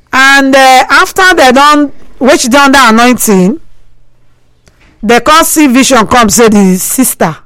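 A woman with a Nigerian Pidgin accent, hosting a talk show and retelling a listener's story in a lively voice with drawn-out emphasis. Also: sits high, no room sound, poor audio. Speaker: radio talk host.

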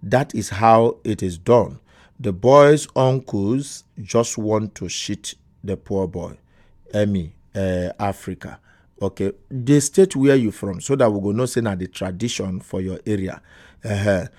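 A man's voice: on the low side, unhurried, darkish tone. A man with a Nigerian accent hosting a radio phone-in, reading listener messages and giving emphatic, scolding advice.

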